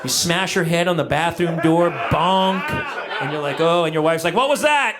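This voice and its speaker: A middle-aged man performing stand-up comedy on stage, telling stories in an animated, exaggerated way with shouted punchlines and laughter from the audience. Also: on the high side, normal speed, loud music behind the voice, a loud crowd.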